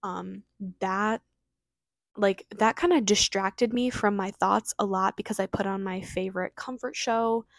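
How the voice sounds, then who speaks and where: Young woman, solo podcast host; fast, filler-heavy casual chat; dry close mic, mid pitch. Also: fairly even intonation, vocal fry, no echo. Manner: fast, chatty, lots of fillers.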